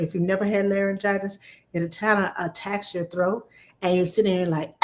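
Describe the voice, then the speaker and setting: A woman, talking casually to camera in a rambling, animated way, her voice still a little hoarse from laryngitis. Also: medium pitch. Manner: rambling, animated storytelling with restarts. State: recovering from laryngitis, slightly hoarse. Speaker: vlogger. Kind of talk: casual chatty talk to camera.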